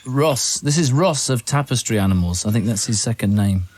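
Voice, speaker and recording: A man's voice: medium pitch, lively intonation, normal speed, darkish tone. A man guest in a radio studio, chatting in an offbeat, rambling way and reading a joke aloud. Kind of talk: casual studio chat.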